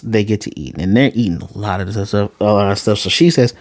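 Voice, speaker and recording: Excitable man rambling through an anime recap. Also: mid-range voice, fairly quick, hardly any pauses. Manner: excitable, rambling, chatty with viewers. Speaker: anime reviewer. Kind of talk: casual episode recap and review.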